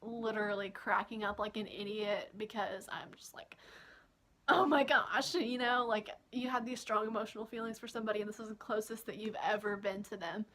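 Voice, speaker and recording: A woman's voice: mid-range voice, level tone, brisk, hardly any pauses, fairly bright tone, slight background noise. A young woman from Kentucky telling a personal story in a casual, chatty storytime vlog with frequent giggles. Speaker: vlogger.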